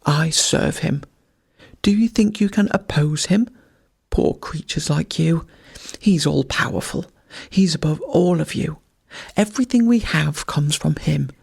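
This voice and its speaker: A reader voicing a fanatically loyal male hunting dog who yelps loudly in a frenzy of devotion, read as a bedtime story. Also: medium pitch, expressive, unhurried, gravelly, breathy edge, full character voice. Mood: frenzied. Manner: yelping, loud and frenzied.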